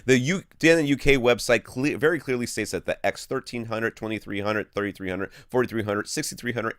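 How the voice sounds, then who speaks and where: A man with a low, deep voice co-hosts a casual podcast in a dry, close-miked sound. He rattles through news quickly and stumbles over words, laughing off his slips. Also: dry recording. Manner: fast, rambling reading of news with slips. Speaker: podcast co-host.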